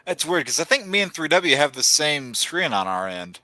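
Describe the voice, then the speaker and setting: Bright, lively man chatting on stream. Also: fairly high pitch, normal speed, no echo. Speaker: guest co-host. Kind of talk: casual live-stream chat.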